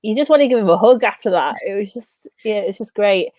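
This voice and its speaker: A woman's voice: mid-range voice, lively intonation, quick pace, a little mellow, dry recording. A woman co-hosting a casual football chat show, talking in an enthusiastic, rambling way. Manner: enthusiastic, rambling, says "do you know what I mean". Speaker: podcast co-host.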